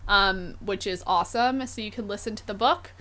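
A young woman co-hosting a podcast, adding relaxed, playful quips in casual chat. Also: medium pitch, normal speed. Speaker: podcast co-host.

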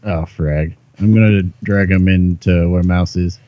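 A man's voice: low voice, steady tone, unhurried, lo-fi sound. A man playing a tabletop game, blunt and matter-of-fact. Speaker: player. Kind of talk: casual tabletop play.

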